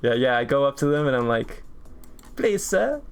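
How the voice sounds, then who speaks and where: A man in his twenties streams himself drawing, chatting casually in a smooth, mid-range voice with a steady tone and quick pace. He rambles through jokey tangents and laughs often.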